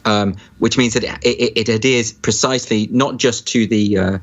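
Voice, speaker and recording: Halting man chatting on a lo-fi call. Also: on the low side, steady tone. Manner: halting, many restarts and fillers. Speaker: guest. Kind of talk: casual conversation. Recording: dull lo-fi sound.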